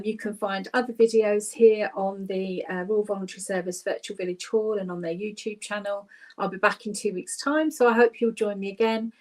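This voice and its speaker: A cheerful middle-aged woman with a British accent guides an online class from home in a friendly, chatty way. Her voice sits at a middle pitch, and she often pauses with a soft um. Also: poor audio. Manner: cheerful, chatty, with frequent ums. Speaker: laughter yoga leader.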